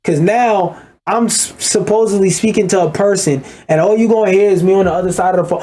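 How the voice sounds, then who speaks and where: A man's voice: high-pitched, brisk, a loud crowd, heavy background noise. A man giving a blunt, profane, ranting commentary as he reacts to a video.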